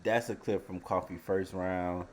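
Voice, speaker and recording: A man co-hosting a casual podcast chat, relaxed and full of opinions. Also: low voice, unhurried. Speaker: co-host.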